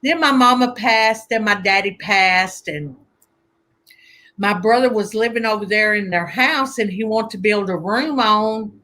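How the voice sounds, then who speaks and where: A woman telling family stories in a casual conversation, animated and laughing often as she acts out voices. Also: medium pitch, unhurried. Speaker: guest conjure teacher.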